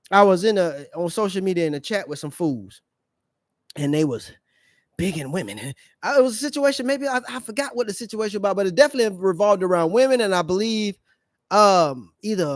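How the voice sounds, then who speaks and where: A high-voiced man rants in blunt slang on his live reaction stream, throwing questions at his viewers. The sound is dry and close, with no room around it. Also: no room sound. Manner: blunt, slangy, preachy, asks the audience questions. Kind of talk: ranting commentary on a played clip.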